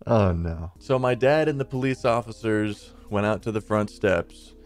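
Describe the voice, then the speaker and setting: A man in his twenties who hosts the channel tells a personal story over gameplay, chatty and rambling, with plenty of "like" and "dude." His voice is fairly low, smooth and at a normal speed, with soft music playing behind him.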